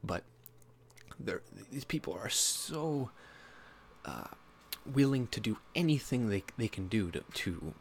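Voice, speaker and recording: Man, somewhat low voice, rambling casual commentary, frequent laughs, mocking impressions. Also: sing-song, slow, creaky, a little hiss or hum. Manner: rambling, mocking, laughs often, mimics opponents in higher voice. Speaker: political commentary vlogger.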